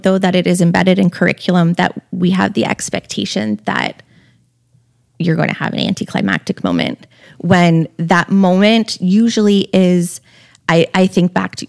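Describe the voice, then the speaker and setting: A woman talking in a relaxed podcast conversation, telling stories with animation and frequent laughter. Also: lowish voice, vocal fry. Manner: animated storyteller, laughs often. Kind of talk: casual podcast chat.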